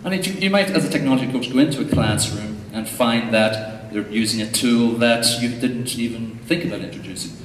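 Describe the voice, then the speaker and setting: A young Irish man, working as a tech coach, gives a funny, chatty conference talk packed with fillers and asides. His medium-pitched voice moves a little fast with few pauses, and he jokes to an audience in a large hall. The recording is echoey and distant, with slight background noise.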